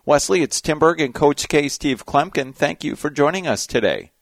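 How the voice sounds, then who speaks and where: A man's voice: fairly high pitch, lively intonation, moderate pace, gravelly, no room sound. A man hosting a podcast, introducing a guest and asking loose questions with a few restarts. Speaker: podcast host. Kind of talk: interview hosting.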